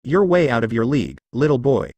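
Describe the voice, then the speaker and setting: A man's voice: medium pitch, very animated, fairly quick, a little mellow, dry recording. A man voicing a sadistic, mocking fallen angel woman. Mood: taunting. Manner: taunting, teasing delivery.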